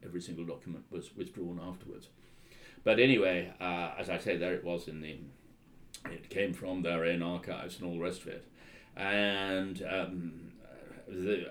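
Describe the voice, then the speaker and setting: A man, a historian and author, telling anecdotes in an interview, hesitant with many fillers and restarts, and wryly amused. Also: low voice. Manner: hesitant, full of ums and restarts, wry.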